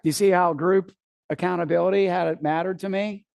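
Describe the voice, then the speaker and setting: A middle-aged man speaks from a seminar stage in a fairly high voice. He tells a story with casual swearing and acts out his own panic. The sound is dry and close. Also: fairly even intonation, fairly quick, gravelly, darkish tone, clean tone, dry recording. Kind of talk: live seminar talk.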